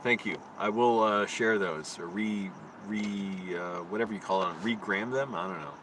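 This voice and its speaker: Live-streaming outdoors over background noise, a man tells rambling anecdotes full of restarts, and his voice rises when he retells arguments. He speaks at a normal speed with a fairly low pitch.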